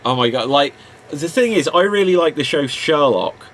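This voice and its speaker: A man with a British accent chatting casually on a panel, animated and rambling, often restarting his sentences. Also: a little high, normal speed. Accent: British English. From Britain.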